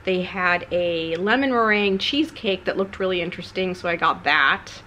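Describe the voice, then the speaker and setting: A woman's voice: fairly low pitch, normal speed, bright, forceful tone, a little hiss or hum. A woman YouTuber talking candidly and a bit ramblingly in a personal vlog, her tone subdued and confessional.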